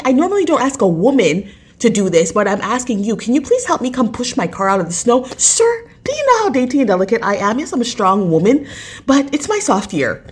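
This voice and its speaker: A woman tells a storytime vlog straight to her viewers, emphatic and animated. Her pitch swings widely from line to line, at a middle height for a woman. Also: slightly rough. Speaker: vlogger.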